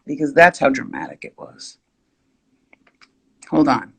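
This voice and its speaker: A woman's voice: low voice, big pitch swings, a little slow, vocal fry, long pauses, slightly rough. A woman vlogger telling a rambling, exaggerated story while she draws.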